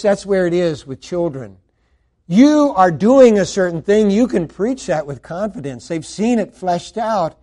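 A middle-aged man preaching a sermon, swinging between loud emphatic lines and hushed asides. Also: a little high.

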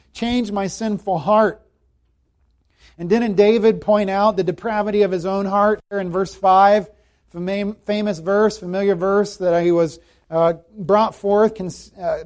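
A man preaching a sermon, earnest and emphatic, repeating key phrases and dropping to a hushed voice when quoting scripture. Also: sits high, steady tone, moderate pace. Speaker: pastor.

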